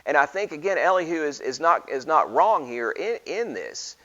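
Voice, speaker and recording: A man's voice: on the high side, big pitch swings, normal speed, pushed and bright, highs cut off. A man leading an informal Bible study, talking casually with frequent restarts and reading scripture aloud.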